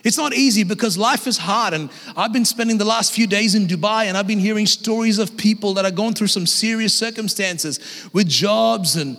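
A man in his thirties, a guest pastor, giving an energetic, conversational sermon and acting out voices for his stories. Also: sits high, moderate pace. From Australia. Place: church auditorium. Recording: long hall reverb.

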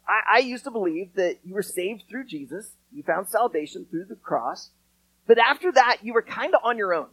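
Animated conversational male preacher, dry. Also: sits high, normal speed, no echo, low-quality recording. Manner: conversational, animated storytelling with acted quotes. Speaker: pastor. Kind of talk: sermon.

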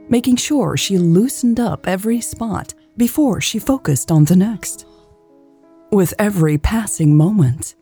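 A woman narrating a romance audiobook in a calm, intimate, unhurried way. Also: on the low side, husky.

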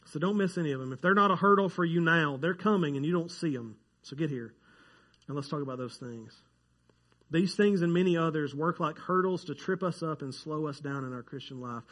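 In a church sanctuary, a pastor preaches in a fairly high, fairly bright voice at a fairly quick pace. His delivery is loose and conversational, he jokes with the congregation, and he gets worked up when a fact surprises him.

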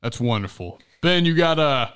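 Excitable young man hosting a podcast. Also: medium pitch, moderate pace, clean tone. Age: young adult. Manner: animated storytelling, excitable. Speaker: podcast host. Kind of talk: casual chat.

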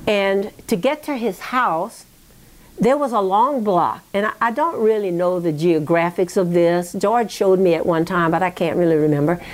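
A woman's voice: on the low side, normal speed. A woman tells a long family story in an oral history interview. She talks in a reflective, meandering way, circling back to details and checking that her listener follows along. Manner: reflective, digressive, with frequent "you know" and "okay?".

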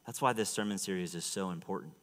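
A man preaching a sermon to a church, rising to loud, high fervent stretches and dropping to quiet asides. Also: fast talker. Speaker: pastor. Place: church sanctuary. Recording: long hall reverb.

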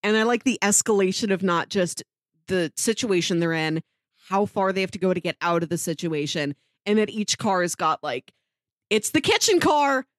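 A woman co-hosting a podcast in casual chat, enthusiastic and quick to laugh, listing details with comic emphasis. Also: lowish voice, no room sound, studio quality. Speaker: podcast co-host.

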